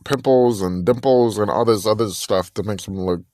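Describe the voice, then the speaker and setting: A man's voice: lowish voice, moderate pace, warm tone, no room sound, clean studio sound. A young man hosting a podcast, animatedly recapping a reality TV episode, acting out the people in it and laughing often. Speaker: podcast host.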